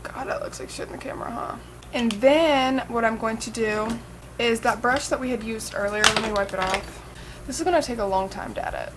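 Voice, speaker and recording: A woman's voice: a little high, a little hiss or hum, low-quality recording. A young woman chatting casually through a makeup tutorial, swearing and saying "like" and "um" a lot. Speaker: makeup vlogger.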